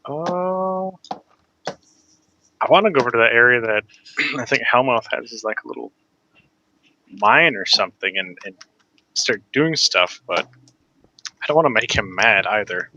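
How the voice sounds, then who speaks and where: A man's voice: medium pitch, expressive, moderate pace, long pauses, bright, forceful tone, lo-fi sound. A man playing a game with friends, telling a rambling story in a casual, laid-back way. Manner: rambling, lots of fillers and restarts, laughs. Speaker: co-player.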